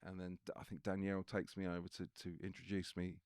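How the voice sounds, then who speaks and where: A male photographer, a guest, telling a lively anecdote in casual conversation and acting out the people he quotes. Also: sits low, fast talker, clear, resonant tone, no room sound, clean studio sound.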